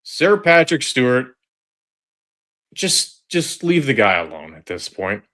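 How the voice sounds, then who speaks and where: A man's voice: mid-range voice, sing-song, slow, bright, forceful tone. A man hosting his channel, giving casual reaction commentary on a trailer, chatty and often repeating himself to his viewers. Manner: chatty, repeats phrases and restarts, addresses the audience as folks. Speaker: online video host.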